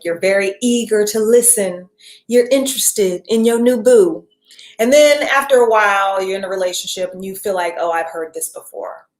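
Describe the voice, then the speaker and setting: Woman coach, casual and rambling, live stream, roomy echo. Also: on the low side. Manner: chatty and rambling, reads viewer names, acts out quick voices. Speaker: self-care and business coach.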